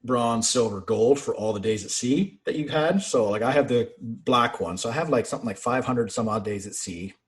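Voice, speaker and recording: A man, a navy sailor guest, telling profane, animated anecdotes in casual conversation. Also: medium pitch, moderate pace, hardly any pauses. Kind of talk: casual storytelling.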